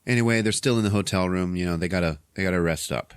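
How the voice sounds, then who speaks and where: A man with a deep, low voice recaps a film scene by scene on his podcast. He swears freely and chuckles as he goes. The recording is dry and close. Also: fast, smooth, no echo. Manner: profane, chuckling, animated retelling. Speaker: podcast host. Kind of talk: casual movie recap.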